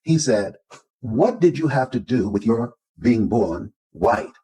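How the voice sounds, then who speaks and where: This older Floridian motivational speaker recounts stories during an interview, emphatically performing each quoted voice. He speaks slowly and in an animated way, with a medium-pitched, dark, husky tone, captured on a low-quality recording.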